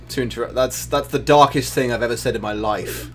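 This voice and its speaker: A man hosting a charity livestream, reacting with comic, exasperated protest in animated banter. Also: medium pitch, fairly quick, hardly any pauses. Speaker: host.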